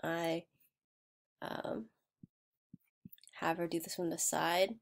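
A woman narrating her own casual vlog, rambling and laughing at herself, sometimes dropping to a soft near-whisper. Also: lowish voice, little pitch movement, slow, gravelly. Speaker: video creator.

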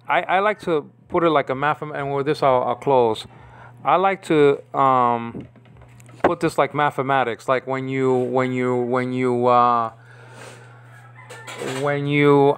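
A man's voice: medium pitch, fairly bright tone, clean tone. A man teaching biblical Hebrew in an informal lesson, stopping and starting, repeating words and checking in with "okay?". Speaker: Bible language teacher.

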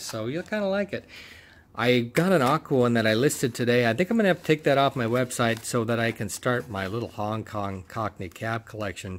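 Guy chatting away while he unboxes toy cars, gets real excited, medium voice. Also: mid-range voice. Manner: enthusiastic, exclaims over each find. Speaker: toy car collector and video host. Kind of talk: casual unboxing commentary.

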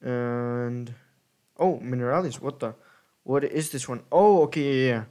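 A man's voice: medium pitch, unhurried, dark tone. Man rambling through gameplay commentary. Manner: rambling, self-correcting, thinking aloud. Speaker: gaming video creator.

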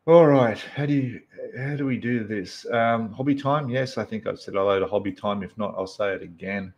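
A man's voice: on the low side, moderate pace, dull audio. Chatty Australian man hosting a stream. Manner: chatty, greets viewers one by one. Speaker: live stream host. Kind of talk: casual live stream chat.

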